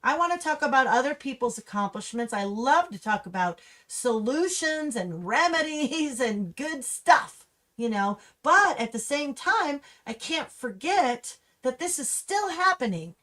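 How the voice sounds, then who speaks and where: A woman's voice: high voice, very animated, a little slow, a bit bright. A woman hosting her own livestream, ranting in an impassioned, restless way. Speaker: livestream host. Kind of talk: angry livestream commentary. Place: Humboldt County, California.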